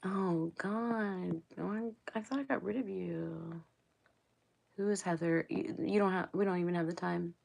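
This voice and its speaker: A middle-aged woman from Ohio unhurriedly chats through a casual livestream in a lowish, gravelly, slightly mellow voice. She rambles, laughs often and answers what viewers write in the chat.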